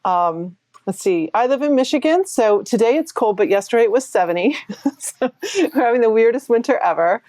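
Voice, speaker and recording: A woman in her sixties from New Hampshire, a performance coach telling her story as an interview guest in a chatty, animated way with frequent laughs. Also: on the high side, moderate pace, dry recording. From New Hampshire, USA. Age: 60s. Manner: chatty, laughs often, animated retelling with quoted voices.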